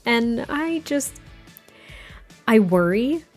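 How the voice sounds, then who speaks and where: A woman's voice: a little high, animated, extremely slow, a little mellow, soft background music. A woman casually narrating a life-sim story, chatty and giggly, rambling and restarting her sentences. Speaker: game narrator. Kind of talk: casual let's-play storytelling.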